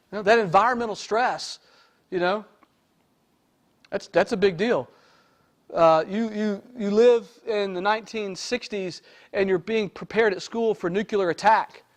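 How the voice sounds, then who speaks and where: A man's voice: sits high, a little slow, pauses often. A man, a therapist giving an informal lecture to an audience, talking conversationally and often checking in with "okay?" and "right?".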